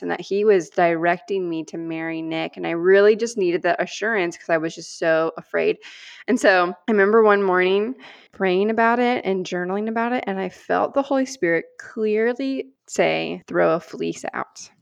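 A woman co-hosting a podcast, telling a personal story in an animated, earnest way and acting out the lines she quotes. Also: on the low side, vocal fry, lo-fi sound. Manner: animated storyteller, acts out quoted prayers and dialogue; earnest and heartfelt. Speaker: podcast co-host.

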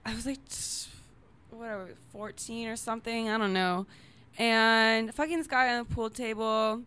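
Giggly, candid young woman, smooth voice. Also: a little high, steady tone, normal speed, pushed and bright. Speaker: podcast guest. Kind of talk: casual chat.

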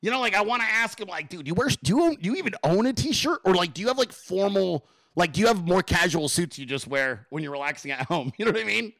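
A man hosting a casual solo talk show, excitable and rambling, swearing freely and full of fillers. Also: sits high, quick pace, gravelly, no room sound. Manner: excitable, profane, rambling with many fillers and laughs. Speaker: podcast host.

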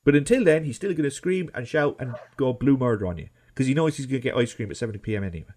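A man's voice: medium pitch, lively intonation, fast talker, darkish tone. A man on a football podcast, talking emphatically and acting out what people should say. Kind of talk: casual football podcast chat.

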